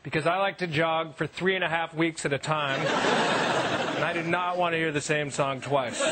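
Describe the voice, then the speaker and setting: A man doing a stand-up set on TV, deadpan, jumping into silly voices for the people he quotes. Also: high-pitched, background noise. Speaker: stand-up comedian. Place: TV studio stage. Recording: loud audience laughter, TV studio.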